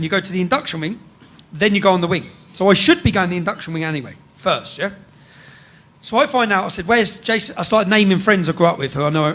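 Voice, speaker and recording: An English man telling a rough story in casual chat, swearing freely and tagging sentences with "yeah?". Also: fairly high pitch, a bit bright. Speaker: guest storyteller.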